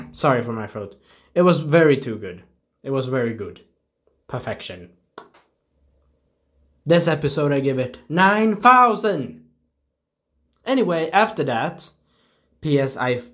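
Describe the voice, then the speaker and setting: A young man casually reviewing a show, excitable and swearing, acting out scenes in quick little voices. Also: mid-range voice.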